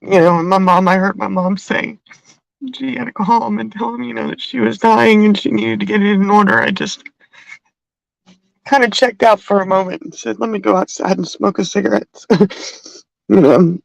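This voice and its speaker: A middle-aged woman hosting a livestream, talking in a halting, heartfelt way and crying at times. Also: medium pitch, creaky, no room sound, rough recording. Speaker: livestream host. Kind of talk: emotional livestream talk.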